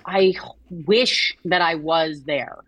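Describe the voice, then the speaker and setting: Dry-witted woman comedian, low voice. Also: slow, a bit bright, lo-fi sound. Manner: dry, wry quips. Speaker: podcast guest, comedian. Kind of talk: casual recap chat.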